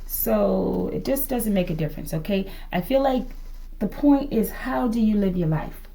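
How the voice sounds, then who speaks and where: A woman's voice: mid-range voice, animated, moderate pace, vocal fry, dark tone. A woman giving a casual tarot reading to her viewers, musing aloud, asking the cards to show her and often calling her audience "collective". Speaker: tarot reader.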